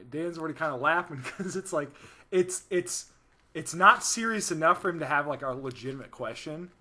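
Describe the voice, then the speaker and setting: A young man co-hosts a podcast, rambling through stories with lots of "like" and "uh". His voice is bright and clear, with faint noise underneath. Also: a little high, expressive, a little fast. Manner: rambling storyteller, lots of fillers. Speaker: podcast co-host. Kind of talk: casual chat.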